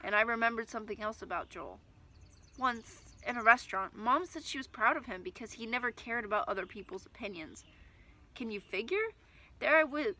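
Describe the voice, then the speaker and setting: A woman reading a first-person children's story aloud, with expressive, lively storytelling. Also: a little high, slight background noise.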